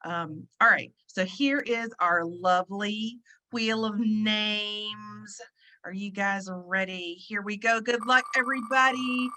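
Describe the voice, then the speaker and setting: A woman hosting an online gathering over a video call, chatty and excitable, with lots of fillers. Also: mid-range voice, slow pace, soft background music, poor audio. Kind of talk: casual chat. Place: at the beach, indoors.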